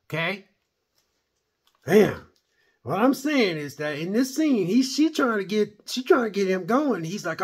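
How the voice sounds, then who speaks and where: Husky-voiced man ranting about a show. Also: high-pitched, big pitch swings, moderate pace. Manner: rambling, blunt and opinionated. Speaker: show reviewer. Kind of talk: casual spoken review.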